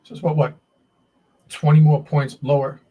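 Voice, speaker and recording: A man's voice: a little high, little pitch movement, moderate pace, breathy edge, narrow, tinny audio. A man hosting a live day trading stream, talking to himself and viewers as he trades, often frustrated and swearing.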